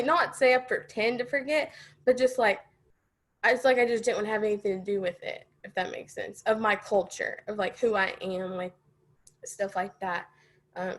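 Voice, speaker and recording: Woman sharing a personal story, hesitant. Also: mid-range voice. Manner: hesitant, with many fillers and nervous laughs. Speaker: interviewee.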